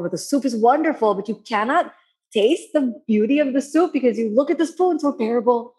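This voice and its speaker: A woman yoga teacher giving a spoken talk to her class, animated, repeating phrases for emphasis and acting out inner voices. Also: a little high, a little fast, long reverb tail.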